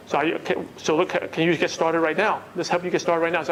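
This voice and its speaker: A man with a non-native English accent gives a lively seminar talk to a crowd and keeps asking the room questions. His voice sits high and has a faint hiss of noise behind it. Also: quick pace, few pauses, low-quality recording. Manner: animated, coaching, asks the room questions. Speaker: network marketing trainer. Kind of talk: seminar talk to a live audience.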